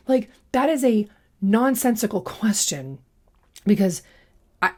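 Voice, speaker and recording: A woman's voice: mid-range voice, sing-song, a little slow, darkish tone. A young woman doing casual reaction commentary in a sarcastic, mocking way. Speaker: YouTube commentator.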